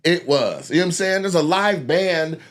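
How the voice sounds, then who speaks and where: A man in his thirties telling animated, profane stories in a casual way, acting out other people's voices. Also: a little high, normal speed. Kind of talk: casual storytelling.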